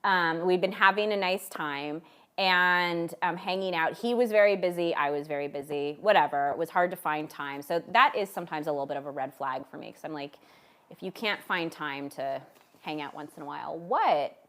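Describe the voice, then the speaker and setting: A woman's voice: sits low, normal speed, fairly bright tone. Chatty woman hosting a talk show. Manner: chatty, laughs often, many restarts and fillers. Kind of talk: casual chat.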